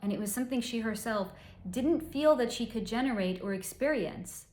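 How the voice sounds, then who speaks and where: Animated woman in a roomy echo. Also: a little high, moderate pace. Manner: candid storytelling with frequent swearing. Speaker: psychic reader. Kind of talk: solo spoken energy reading.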